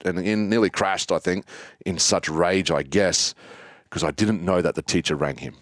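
A man's voice: sits low, normal speed, dry recording, clean studio sound. A man telling his life story in a casual interview, acting out the voices of people from his childhood. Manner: animated, acts out childhood voices.

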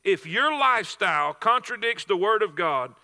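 A man's voice: high-pitched, lively intonation, normal speed, vocal fry, sharp tone, long reverb tail. A man preaching a sermon to a congregation, emphatic, repeating phrases and restarting himself. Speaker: pastor.

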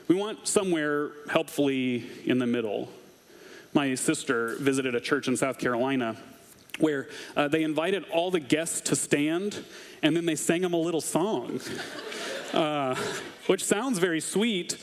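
A man's voice: a little high, normal speed. A man preaching a conversational sermon as a pastor, casual and wry with dry asides. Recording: long hall reverb.

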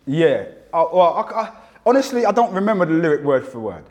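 A man's voice: fairly high pitch, a little fast. A man in his fifties with a London accent, recalling his music career in an interview, telling stories and acting out what people said. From England. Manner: animated storyteller, acts out quotes. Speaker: interviewee, rapper. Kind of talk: reflective interview talk.

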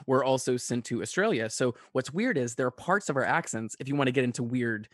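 A man's voice: mid-range voice, fairly quick, no echo, clean studio sound. A man from the American South, a podcast guest, chatting casually and acting out quotes as he tells stories. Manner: animated storyteller, acts out quotes. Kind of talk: casual chat.

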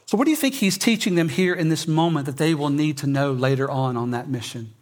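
A man preaching a sermon, emphatic, swinging between loud and soft and often repeating words. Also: a little high, brisk. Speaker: pastor.

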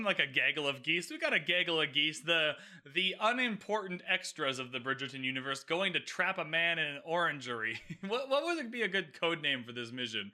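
A man giving a casual, animated recap of a TV episode, laughing often and acting out the characters' lines. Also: on the high side. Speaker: show recap vlogger.

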